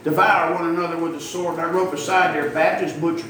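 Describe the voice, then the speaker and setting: A man's voice: a little high, fairly even intonation, fast, bright, forceful tone. A middle-aged man, preaching a folksy, emphatic sermon and drawing call-and-response from the congregation. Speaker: pastor. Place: church sanctuary. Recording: echoey church from far off, noisy.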